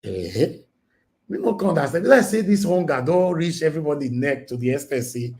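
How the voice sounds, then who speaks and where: A man with a Nigerian accent hosting a casual news reaction stream, animated and mixing Pidgin with English, often asking "Eh?". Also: a little high, normal speed. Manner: animated, switches between Pidgin and English, exclaims "Eh?". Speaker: news commentary host.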